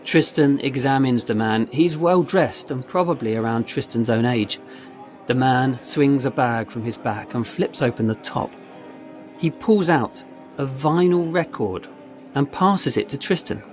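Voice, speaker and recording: Man narrating a story over soft guitar. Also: medium pitch, a little slow. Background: faint guitar music.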